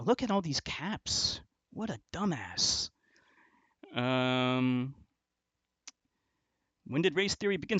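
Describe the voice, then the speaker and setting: With a mid-range, fairly bright voice and no room sound, this man is heard on a recording whose highs are cut off. He hosts commentary on an online argument, full of contempt and insults, and frequently restarts himself.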